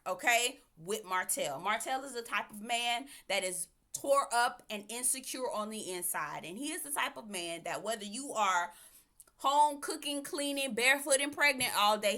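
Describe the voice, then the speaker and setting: A woman's voice: fairly high pitch, pushed and bright. A woman giving sassy, emphatic commentary on a reality show, talking straight at the people in it. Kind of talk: opinionated casual commentary.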